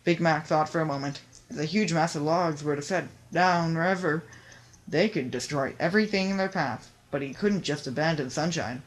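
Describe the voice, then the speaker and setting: A narrator reading a picture-book story in a steady, soft storytelling manner. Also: mid-range voice, moderate pace.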